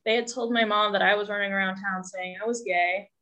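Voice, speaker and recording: A woman's voice: mid-range voice, fairly even intonation, fairly quick, pushed and bright. A young woman telling a personal story as a guest, candid and rambling, with self-deprecating humor. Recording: dull lo-fi sound.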